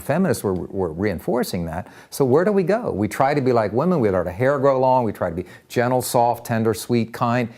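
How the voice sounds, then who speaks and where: An older man telling personal stories in an interview, animated, acting out voices and often repeating words as he talks. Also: medium pitch. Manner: lively, acts out voices in anecdotes, repeats words. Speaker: interviewee, counselor.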